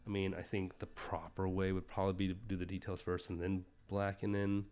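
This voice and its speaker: A man's voice: low voice, monotone, fairly quick, darkish tone, smooth. A man livestreaming while he sketches, rambling casually with lots of fillers and self-deprecating asides.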